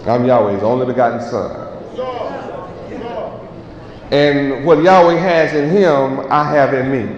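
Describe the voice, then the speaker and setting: A man's voice: medium pitch, a little slow, pauses often, recorded from a distance, a crowd in the background. Man preaching in an echoey hall. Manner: preaching with questions and answers, rising to a shout. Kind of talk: sermon. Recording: echoey hall, dull muffled sound, noisy.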